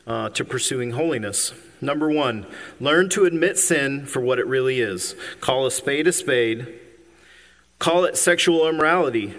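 A pastor preaching a sermon, earnest and emphatic, with occasional ums and uhs. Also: male voice, medium pitch, fairly bright tone. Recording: long hall reverb.

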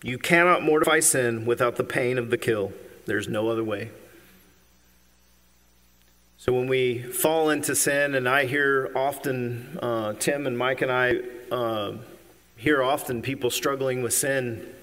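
A pastor preaching a sermon, earnest and emphatic, with occasional ums and uhs. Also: male voice, medium pitch, unhurried, fairly bright tone. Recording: long hall reverb.

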